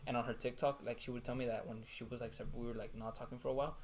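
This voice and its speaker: A young man at normal pitch rattles through stories in a casual podcast, constantly dropping "like" and curse words. He speaks at a rapid clip. Faint room ambience sits underneath. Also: steady tone, a little hiss or hum. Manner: rambling, swears a lot, fills with "like". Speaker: podcast host.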